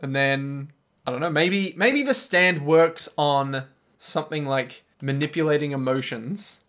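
Podcast co-host, male, somewhat high-pitched, playful, keeps dropping into quick character voices. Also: fairly bright tone. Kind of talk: casual chat.

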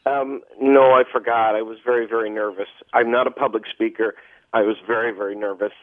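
A man's voice: lowish voice, steady tone, brisk, no echo. Chatty critic on a thin, dry phone line, trips over his words. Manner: rambling, self-deprecating, many restarts. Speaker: TV critic guest. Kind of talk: phone-in chat.

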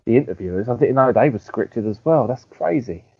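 A man co-hosting a casual podcast chat, animated and quick to mimic other people. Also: medium pitch, husky, no echo. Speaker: podcast co-host. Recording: dull lo-fi sound.

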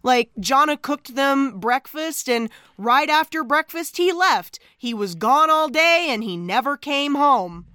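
A woman co-hosting a casual film discussion, talking in an animated, exclamatory way. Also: sits high, unhurried, few pauses, dry recording. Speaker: podcast co-host.

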